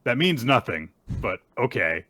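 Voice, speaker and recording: A man recaps manga chapters for his podcast co-host in loose, casual chat. His pitch swings widely and his tone is bright. He is sarcastic and full of "like" and "uh", and the sound is dry and close. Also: unhurried, no echo. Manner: animated, sarcastic retelling with frequent "like" and "uh".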